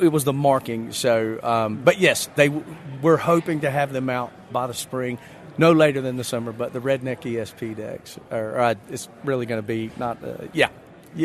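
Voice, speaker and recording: A man's voice: mid-range voice, normal speed. A man with a Southern US drawl talks through an interview. He rambles from one folksy story to the next and plays himself down. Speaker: magician guest. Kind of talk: casual interview chat.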